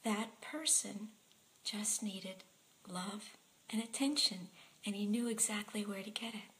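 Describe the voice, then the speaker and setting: Woman storyteller: slow, breathy half-whisper, bright, slightly high tone. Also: steady tone, low-quality recording. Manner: soft, half-whispered, heartfelt delivery. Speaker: speaker sharing a personal story. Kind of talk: personal storytelling talk.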